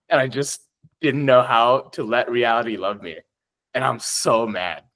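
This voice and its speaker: A man chatting as a podcast guest, excitable and heavy on swearing, often laughing as he talks. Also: mid-range voice, a little slow, rough recording. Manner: excitable, swears a lot, laughs while talking. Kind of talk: casual chat.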